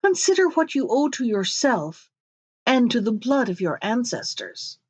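A woman's voice: on the high side, big pitch swings, measured pace, darkish tone, dry recording. Give me a woman reading as an indignant young prince. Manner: indignant, lofty.

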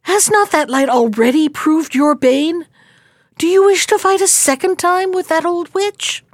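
A woman's voice: very high voice, unhurried, no echo, studio quality, pitched above the performer's own voice. A woman voicing a tender young princess in a fairy-tale reading, speaking in a pleading, emotional way.

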